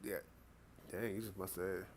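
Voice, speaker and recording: A man's voice: sits low, flat delivery, moderate pace, heavy background noise. A man hosting a game livestream, chatting loosely with lots of fillers while he plays. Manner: rambling, chatty, with many fillers. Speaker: game streamer host. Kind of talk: casual chat while playing a game. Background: video game music.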